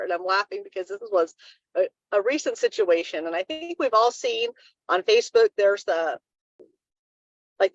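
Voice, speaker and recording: A woman's voice: mid-range voice, no echo, dull audio. A woman co-hosting a live wellness talk stream, giving earnest advice in a casual, rambling way.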